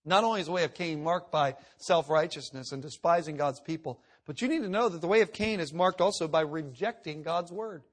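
A middle-aged man preaching a sermon, swinging from loud emphatic reading to hushed, intense asides. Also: fairly high pitch, fairly quick, hardly any pauses. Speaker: pastor.

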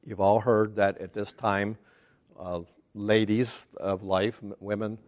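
A man teaching a casual Bible study class, talking haltingly with restarts and putting questions to the group. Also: lowish voice, flat delivery. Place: church classroom.

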